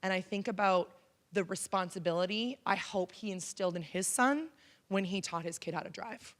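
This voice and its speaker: This keynote speaker, a Canadian woman in her thirties, uses a mid-range voice at normal speed. In a college auditorium she tells the audience a personal story, frank and conversational, full of ums.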